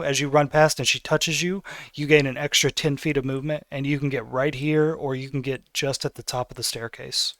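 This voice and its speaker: A man's voice: medium pitch, steady tone, brisk, few pauses, fairly bright tone, no room sound, clean studio sound. Laid-back man running a tabletop game. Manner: casual, rambling, many fillers and restarts. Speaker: game master.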